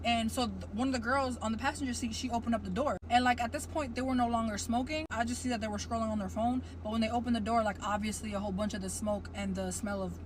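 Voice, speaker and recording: A woman's voice: a little high, steady tone, fast talker, hardly any pauses, background noise. A woman telling a story in a casual, blunt and profane way, speaking straight to her viewers. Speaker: storyteller in a clip.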